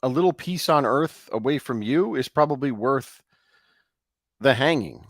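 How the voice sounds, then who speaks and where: A man voicing a cold, emotionless wife who speaks in a flat, matter-of-fact way. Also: mid-range voice, unhurried, no room sound, clean studio sound, voice pushed up. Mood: coldly blunt.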